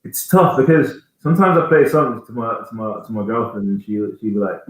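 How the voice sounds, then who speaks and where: A man's voice: medium pitch, expressive, brisk, few pauses. A man in his thirties from Jamaica, a band singer chatting casually as a guest and rambling as he searches for words. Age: 30s. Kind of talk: casual interview chat. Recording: very echoey room.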